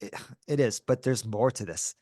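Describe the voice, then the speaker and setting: A man co-hosting a podcast in casual chat, telling a story in a lively way and acting out the voices of the people in it, often saying dude and bro. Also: lowish voice, moderate pace, no echo, clean studio sound. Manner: animated, acts out quoted dialogue. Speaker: podcast co-host.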